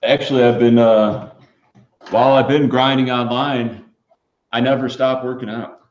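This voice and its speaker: A man hosting a live stream, chatting casually and playing along deadpan with the jokes. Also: medium pitch, normal speed. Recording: echoey, dull lo-fi stream audio.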